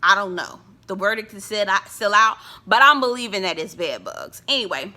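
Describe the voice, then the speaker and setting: A woman's voice: mid-range voice, expressive, normal speed, bright, forceful tone. A woman recapping a reality TV episode, sassy and gossipy, with frequent laughs. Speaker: TV reviewer. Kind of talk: casual reality-show recap.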